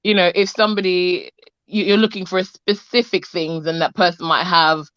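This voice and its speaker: A woman's voice: fairly low pitch, fairly even intonation, moderate pace, fairly bright tone, clean tone, no echo, muffled recording. A woman with a South London accent talking frankly and emphatically in a casual chat, laughing often and restarting her sentences.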